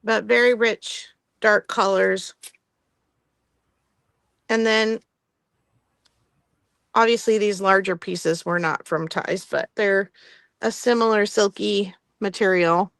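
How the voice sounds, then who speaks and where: A woman's voice: mid-range voice, steady tone, slow pace, vocal fry, pauses often, a bit bright, no room sound. A woman hosting a live online sale, chatting casually about vintage items and laughing often between filler words.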